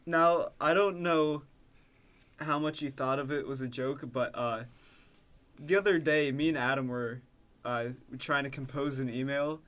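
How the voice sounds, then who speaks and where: Deadpan, halting podcast co-host man. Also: medium pitch. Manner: deadpan mock-serious, halting with fillers. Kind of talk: casual comedic chat.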